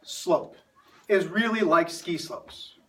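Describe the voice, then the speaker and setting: A man's voice: high voice, takes it slowly, bright, forceful tone, distant mic. A male math teacher telling a self-mocking story to his class before moving into the lesson.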